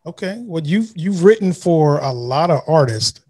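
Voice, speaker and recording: Man hosting a relaxed interview. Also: fairly high pitch, normal speed, slightly rough. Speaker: interview host. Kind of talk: casual interview.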